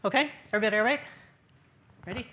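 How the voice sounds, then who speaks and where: A woman with a fairly high voice gives an earnest faith talk to a gathered audience. She keeps repeating her key phrases for emphasis and pauses to put questions straight to the room. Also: a bit bright, a little hiss or hum. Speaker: speaker at a church gathering.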